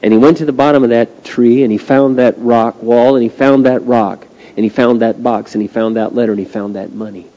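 A male pastor preaching a sermon, swinging from hushed, slow passages to loud, drawn-out climaxes. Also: mid-range voice, steady tone, dull audio. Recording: long reverb of a large hall.

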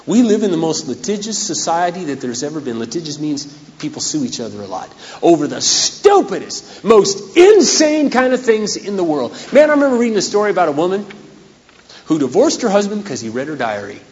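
Hoarse, dramatic pastor, slightly high voice, long reverb, muffled lo-fi sound. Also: male voice, huge pitch swings, brisk, darkish tone. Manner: dramatic and humorous, acts out scenes. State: voice going hoarse. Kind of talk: sermon. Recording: echoey hall on dull lo-fi recording.

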